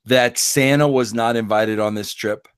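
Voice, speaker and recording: A man's voice: medium pitch, steady tone, measured pace, clean tone, no echo. A man hosting a casual gossip chat, asking emphatic, incredulous questions. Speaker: podcast host.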